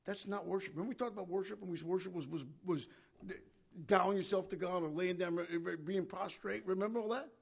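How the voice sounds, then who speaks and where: A husky, rough-edged man teaches from the Bible in a loose, conversational way. His voice sits high, and he often asks his listeners questions as he paraphrases the scripture. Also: fast talker. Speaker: preacher.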